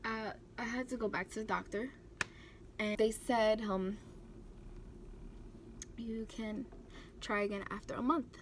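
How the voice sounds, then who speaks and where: A young woman speaks in a slightly high voice, tearful and close to crying, with halting restarts and many fillers. She talks while doing a makeup tutorial. A faint hiss sits under her voice. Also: fairly even intonation. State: close to tears. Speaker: beauty vlogger. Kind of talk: emotional talk during a makeup tutorial.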